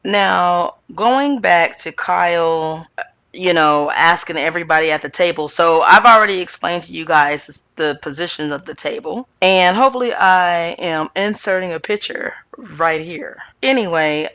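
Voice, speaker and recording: A woman's voice: lowish voice, unhurried, bright, forceful tone, clean tone. A woman hosting a reality TV recap in casual chat, blunt and sassy, swearing and using slang as she talks to her viewers.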